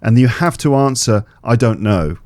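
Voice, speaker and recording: A man's voice: mid-range voice, lively intonation, normal speed, a little mellow, no room sound. A man hosting a podcast, chatting casually and thinking aloud in questions. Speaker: podcast host. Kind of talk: casual conversation about comedy.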